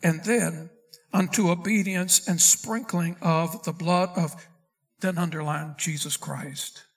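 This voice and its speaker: Preaching a verse-by-verse Bible sermon, a pastor with a high, husky voice reads scripture aloud slowly. He calls out questions to the congregation as he goes.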